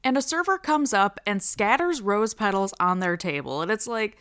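A woman's voice: mid-range voice, animated, moderate pace, hardly any pauses, fairly bright tone. A woman host recapping a reality show in a casual, crude, joking way. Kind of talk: comedic TV recap.

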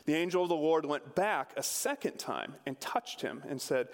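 A pastor giving a sermon, retelling a scripture story in a conversational way with touches of humor. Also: male voice, fairly high pitch, lively intonation, normal speed, hardly any pauses, long reverb tail.

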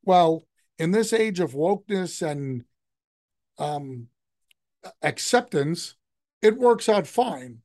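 An older man giving a motivational talk in an emphatic, conversational way, often jumping up in pitch to stress a point. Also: lively intonation, slow, long pauses, warm tone.

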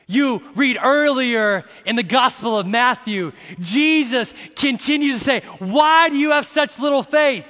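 A middle-aged man preaching a sermon, repeating phrases slowly for emphasis and rising into shouts as he addresses the congregation. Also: extremely high pitch, big-room sound. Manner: uses "y'all" and "see" to address the congregation. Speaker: pastor.

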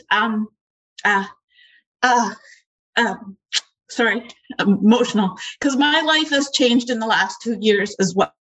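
A woman from the audience giving a heartfelt, halting testimony over a video call, emotional and close to tears. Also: medium pitch, fairly bright tone, rough recording. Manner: heartfelt, halting, many fillers.

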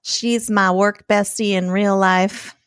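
A woman's voice: mid-range voice, fairly even intonation, slow, dry recording, studio quality. A woman co-hosting a casual podcast, laughing often and swearing freely. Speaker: podcast co-host.

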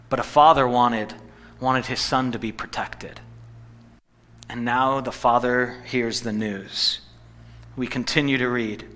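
Bright-voiced preacher man. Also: mid-range voice. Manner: earnest preaching, dropping to a hush at heavy moments. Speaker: pastor. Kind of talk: sermon retelling a scripture passage.

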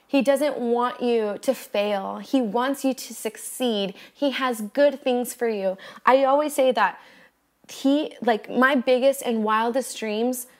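A woman's voice: fairly high pitch, takes it slowly. A young woman hosting a devotional podcast, preaching in an earnest, encouraging way and speaking straight to her listeners. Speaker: podcast host.

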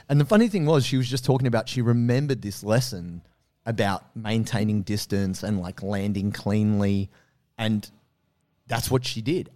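A man hosting a podcast, telling a story in a casual, animated way, swearing freely and acting out the quotes. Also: mid-range voice. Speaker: podcast host.

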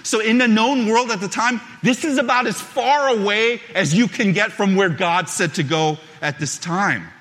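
High-voiced preacher in a reverberant hall. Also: male voice. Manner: measured, steady reading of scripture, then conversational preaching with restarts. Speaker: pastor. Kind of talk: scripture reading and sermon.

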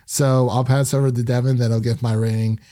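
A man's voice: mid-range voice, flat delivery, brisk, mellow, dry recording. A young man hosting a casual review podcast, rambling with lots of fillers. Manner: rambling, heavy use of fillers like "um" and "you know". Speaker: podcast host.

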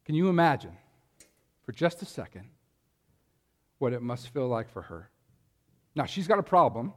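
A male pastor preaches in a relaxed, conversational way, often pausing to put questions to his listeners. His voice sits at a middle pitch, and it rings with the long reverb of a large hall. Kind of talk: sermon.

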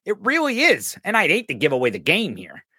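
A man's voice: high-pitched, huge pitch swings, brisk, pushed and bright, husky, no room sound, clean studio sound. A man hosting a podcast, ranting in mocking, profane political commentary and calling out a listener in the chat. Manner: mocking, profane, addresses a chatter directly. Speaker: podcast host.

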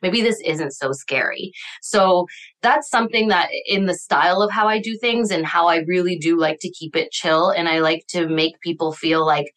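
A woman's voice: fairly low pitch, steady tone, moderate pace, a bit bright. A woman chatting casually as a podcast guest, upbeat and laughing often, with lots of "like" fillers. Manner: upbeat, laughs often, acts out voices in quotes; many "like" fillers. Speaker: guest, accountant and bookkeeping coach.

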